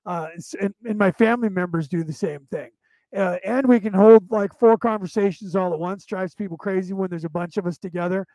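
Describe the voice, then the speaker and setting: High-voiced man telling rambling stories. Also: fairly quick, darkish tone, no echo, poor audio. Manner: chatty, anecdotal, often restarts sentences. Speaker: show host. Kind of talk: casual rambling storytelling.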